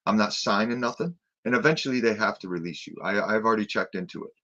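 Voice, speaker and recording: A man's voice: lowish voice, fast talker, sharp tone. A man ranting with heavy swearing in a casual late-night chat, recorded with dull lo-fi sound. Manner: ranting, profane, emphatic.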